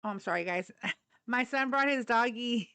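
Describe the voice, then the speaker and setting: A middle-aged woman holding forth on her live stream, blunt and salty with her language, all fired up. Her voice sits a little higher than most women's. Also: moderate pace, sharp tone, smooth. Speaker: livestream host. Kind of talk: live political talk stream.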